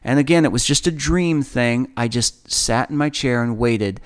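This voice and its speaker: A man's voice: mid-range voice, smooth. Earnest man telling a personal story. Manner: earnest, halting, with repeated phrases. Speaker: storyteller recounting a dream. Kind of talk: emotional first-person storytelling.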